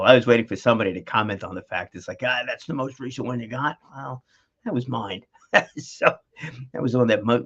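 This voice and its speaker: In dull lo-fi sound, a middle-aged man vlogs at home near his dog, rambling and chatty with frequent fillers and laughs. His voice is medium-pitched and slightly rough.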